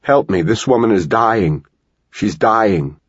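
A man's voice: lowish voice, expressive, slow, husky, no room sound, voice pushed up, exaggerated voice. A man reading a desperate father who speaks with urgent insistence, in a dull lo-fi recording. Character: desperate father searching for his son.

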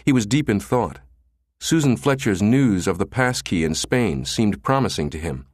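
A man reading a thriller audiobook in steady scripted narration. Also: on the low side, normal speed, no room sound, clean studio sound.

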